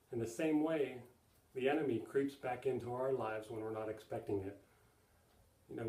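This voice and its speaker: A man's voice: medium pitch, warm tone, echoey room, recorded from a distance, rough recording. A man giving an earnest sermon-style teaching, plainly explaining with repeated asides to his listeners. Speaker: preacher.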